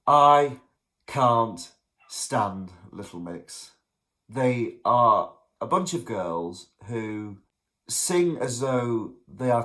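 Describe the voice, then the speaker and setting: A young man reviews songs in his vlog, ranting in a blunt, exasperated way and climbing into shouts when he gets worked up. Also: on the low side. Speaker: vlogger.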